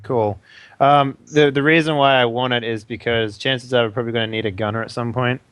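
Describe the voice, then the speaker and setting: A man's voice: mid-range voice, fairly even intonation, brisk, fairly bright tone, clean tone, no room sound. A man playing a character in a tabletop game, talking casually and hesitantly. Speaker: player.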